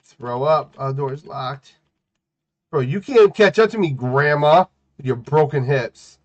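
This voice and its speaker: A man casually chatting while streaming a game, playful and teasing, with sudden loud outbursts and sing-song scatting. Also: a little high, lively intonation, slow. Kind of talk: casual gaming stream chat. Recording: muffled lo-fi stream audio.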